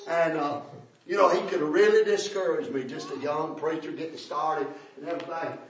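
An older man, preaching a folksy testimony sermon in a church, storytelling that rises to shouts. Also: a little high, brisk. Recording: echoey hall, far from mic.

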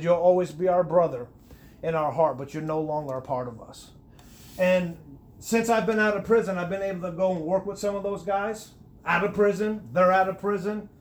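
A middle-aged man giving a personal testimony in a conversational interview, earnest, with many restarts, rising and getting animated at emphatic points. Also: sits high. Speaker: guest sharing his testimony.

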